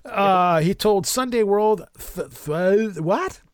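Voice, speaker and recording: A man with a fairly high voice hosts a paranormal podcast, reading strange articles aloud and tripping over words. He laughs at himself along the way, and the sound is close and dry. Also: lively intonation, slow pace, clean tone, no echo. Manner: stumbling, self-mocking reading with laughs.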